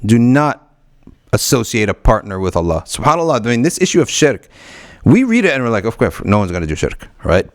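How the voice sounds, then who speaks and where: A man leads a religious study circle at a middle, ordinary pitch, switching between rapid Arabic recitation and loose English explanation. He often stops and restarts words mid-thought. The sound is dry and close, with no room around it. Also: dry recording. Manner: reads Arabic text quickly, then explains in English with frequent restarts. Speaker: imam teaching a weekly study circle. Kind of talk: conversational religious lesson.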